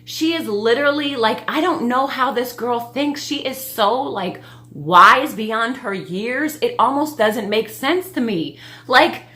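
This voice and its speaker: Young adult woman, bright voice, casual gushing recap vlogger, heavy on fillers. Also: a little high, lively intonation, measured pace. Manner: chatty, gushing, lots of "like" and "you know". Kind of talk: casual reality-show commentary.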